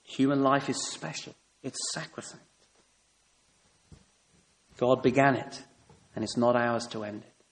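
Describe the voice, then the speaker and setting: A man's voice: medium pitch, fairly even intonation, unhurried, long pauses. A man preaching a sermon, emphatic and fond of rhetorical tag questions. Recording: long reverb in a hall.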